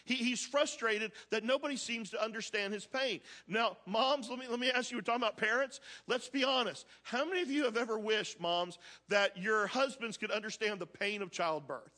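A pastor preaching a conversational sermon, reading scripture aloud and asking the congregation questions. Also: male voice, very high voice, bright, forceful tone.

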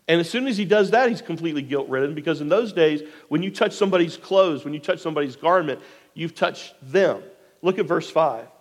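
A man preaching a sermon, retelling a scripture story in an animated way, sometimes dropping to near quiet. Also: sits high, in a large hall. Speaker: pastor.

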